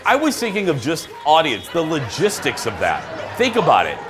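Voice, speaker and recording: Animated chatty male talk show host. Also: fairly high pitch, normal speed. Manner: animated and chatty, laughing often. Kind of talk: casual chat.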